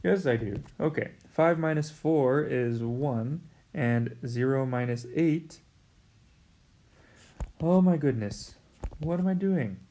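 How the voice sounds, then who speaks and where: A man teaching a recorded math lesson in an easygoing, chatty way, with a voice of middling pitch for a man. He speaks straight to his students, checking in with them often and joking about his own slips as he works through the steps. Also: takes it slowly, mellow.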